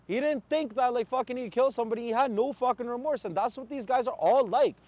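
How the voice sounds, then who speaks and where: A man's voice: very high voice, fast, darkish tone, no echo. A man from Canada, a truck driver, ranting in blunt, profane casual talk with angry outbursts. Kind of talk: heated casual rant.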